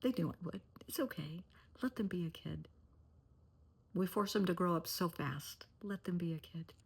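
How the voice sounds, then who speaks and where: A middle-aged woman with a low, gravelly voice and a husky, breathy edge, talking straight to camera as a therapist. She gives earnest, cautionary advice and often sinks to a near-whisper to press a point. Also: moderate pace. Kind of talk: direct-to-camera advice talk.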